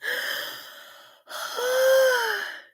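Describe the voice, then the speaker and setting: A woman hosts a live stream and chats with her viewers in an unhurried, drawn-out way, reading their comments aloud. Her voice is bright and forward, and her delivery is wry and loose, with casual swearing and frequent giggles. The sound is dry and close, with no room echo. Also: extremely high pitch, flat delivery.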